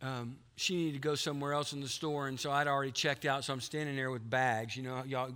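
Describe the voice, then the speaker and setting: A man's voice: medium pitch, fairly even intonation, fairly quick, a bit bright, smooth. A man, preaching a folksy sermon as pastor of his church. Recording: long hall reverb.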